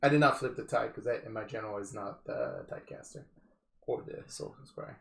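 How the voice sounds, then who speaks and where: 笑い混じりに冗談を言う男性、反響する部屋. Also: male voice, on the low side, moderate pace, vocal fry, a bit bright, reverberant. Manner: joking, laughs often, restarts. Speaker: wargame player and streamer. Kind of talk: casual banter over a tabletop game.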